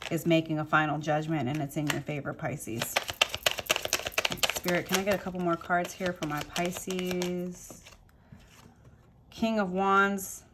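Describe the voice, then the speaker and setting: A woman with a fairly low voice gives a tarot reading straight to camera. She talks with passion and emphasis. She stacks rhetorical questions and repeated lines into a rising, motivational flow. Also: background noise. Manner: repetitive motivational phrasing. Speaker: tarot reader.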